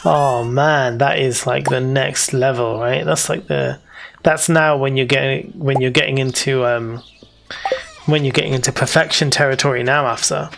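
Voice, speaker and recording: A man's voice: mid-range voice, fairly even intonation, moderate pace, vocal fry, fairly bright tone, slight background noise. A man with a British accent giving casual, rambling gameplay commentary as a let's play host. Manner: chatty, rambling, self-teasing.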